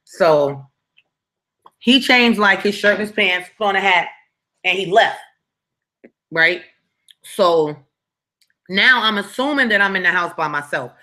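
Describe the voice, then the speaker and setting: A woman hosting a live story-time stream, telling a personal story in an animated, blunt and profane way and often checking in with "right?". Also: mid-range voice, slow, long pauses. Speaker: storyteller, channel host.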